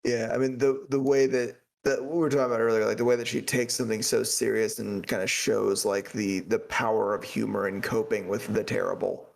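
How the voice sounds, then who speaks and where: A man's voice: fairly low pitch, little pitch movement, a little fast, vocal fry, few pauses. A man co-hosting a podcast, chatting casually in a laid-back, hesitant way as he searches for words. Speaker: podcast co-host. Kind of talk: casual chat.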